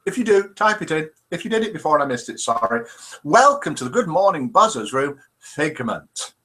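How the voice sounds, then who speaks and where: Male host, playful and chatty, animated and bright, slightly high voice. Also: fairly quick. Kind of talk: live chat show, reading jokes.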